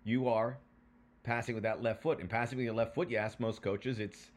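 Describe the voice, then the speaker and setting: A man hosting a podcast, chatting casually and telling stories in a lively way, then reading a prepared segment. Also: medium pitch, normal speed. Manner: lively, animated storyteller. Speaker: podcast host.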